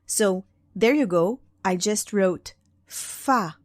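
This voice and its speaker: A woman's voice: mid-range voice, no room sound, clean studio sound. A young woman teaching beginners how to read, explaining patiently and drawing out example sounds. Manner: patient, drawn-out demonstrations of sounds. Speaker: Hebrew teacher.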